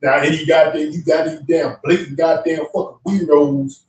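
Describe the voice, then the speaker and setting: A man with a somewhat high voice tears into a heated, profane religious rant as co-host. He sits some distance from the microphone in a strongly echoing room. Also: fairly even intonation, moderate pace, darkish tone. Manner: profane, fiery ranting. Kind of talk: heated religious stream talk. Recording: echoey room, away from the mic.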